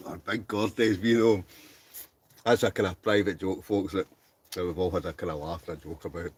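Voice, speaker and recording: Sitting in his tent, a Scottish man runs a casual livestream, chatting, laughing and reading out comments from viewers. His voice is low and a little mellow with a breathy edge, and his tone stays steady at a slightly quick pace.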